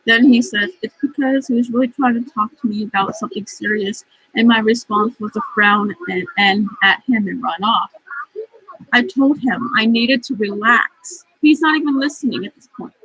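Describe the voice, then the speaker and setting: A woman's voice: medium pitch, brisk, few pauses, a bit bright, slightly rough, no room sound, poor audio. A woman vlogging casually, reading out chat messages and venting in a frustrated, profane, rambling way while upset and stressed.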